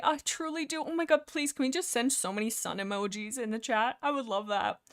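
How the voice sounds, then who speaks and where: A woman's voice: a little high, animated, a little fast, hardly any pauses. Young adult woman, streamer host, casual chat, rambling, distractible, talks to chat. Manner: rambling, easily distracted, reads chat aloud. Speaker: livestream host.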